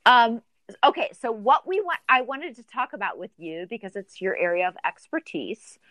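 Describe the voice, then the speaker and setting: A woman's voice: on the high side, sing-song, normal speed, sharp tone, no room sound. Friendly curious woman host, dry sound. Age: adult with teenage children. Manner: friendly, curious, uses fillers. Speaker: interview host. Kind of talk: casual conversational interview.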